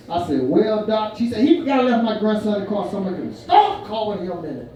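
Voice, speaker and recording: An older man performs stand-up in a winery event room before a live audience, telling folksy stories and laughing at his own punchlines. His high, warm voice swings widely in pitch and moves quickly with hardly any pauses. The lo-fi recording has slight background noise, picks him up from far off in an echoey room, and catches crowd laughter.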